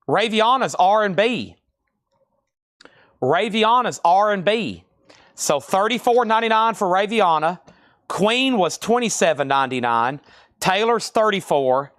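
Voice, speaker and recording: A man hosting a live-streamed record sale, chatting to buyers by name and pitching albums. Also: a bit bright, no room sound, clean studio sound. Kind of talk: live-stream sales patter.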